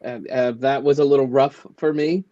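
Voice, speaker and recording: An easygoing man chatting on a movie podcast, joking and rambling with a relaxed, humorous delivery. His voice sits at a middle pitch and sounds slightly dull, as if recorded lo-fi. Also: normal speed. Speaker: podcast co-host. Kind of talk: casual chat.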